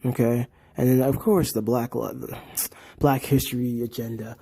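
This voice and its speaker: A man's voice: medium pitch, little pitch movement, normal speed, gravelly, warm tone, slightly rough. A young man ranting in casual commentary, repeating himself and checking in with "right?" and "okay?". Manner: repetitive, emphatic, keeps asking "right?" and "okay?". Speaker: vlogger.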